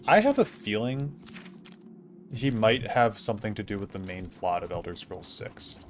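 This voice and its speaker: A man's voice: fairly low pitch, big pitch swings, moderate pace, slight background noise. A man in his thirties chatting casually on a game stream, rambling with lots of fillers and restarts. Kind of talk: casual storytelling while gaming.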